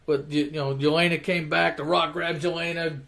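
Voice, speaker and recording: A man's voice: fairly high pitch, level tone, brisk, vocal fry, a bit bright. A young man casually retelling an action movie plot in a rambling, profane way, mocking the characters as he goes. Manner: rambling, swears constantly, mocking voices for characters. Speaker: storyteller retelling movie plots.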